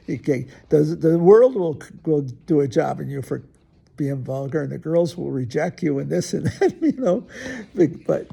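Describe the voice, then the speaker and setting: Old priest in his 80s, super gravelly and raspy, chatty folksy homily. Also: medium pitch, mellow. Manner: folksy, chatty asides between readings. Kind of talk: informal homily with scripture reading.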